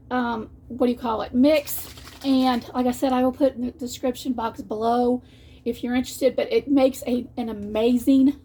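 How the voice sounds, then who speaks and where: Chatting folksily in her home kitchen for a cooking vlog, a woman often restarts her sentences. Her voice sits high with a dark tone, and there's slight background noise.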